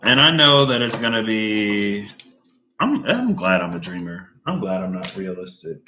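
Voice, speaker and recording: A man's voice: lowish voice, sing-song, moderate pace, bright, forceful tone, slight background noise. A man talking casually to camera in a rambling vlog monologue, drifting between thoughts and acting out conversations. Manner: chatty, meandering, quotes others in raised voice. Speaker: vlogger.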